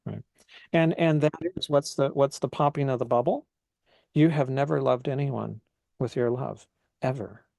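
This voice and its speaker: A man's voice: mid-range voice, normal speed, gravelly, dark tone, no echo, studio quality. A man preaching a teaching talk, earnest and repetitive, often asking "right?". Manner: earnest, repeats phrases, asks "right?" often.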